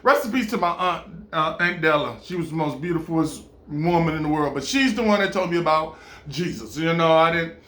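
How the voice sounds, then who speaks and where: This man talks briskly in a voice on the high side, the audio carrying reverb. His monologue is rambling and casual, full of animated stammering, frequent laughter, and playful impressions.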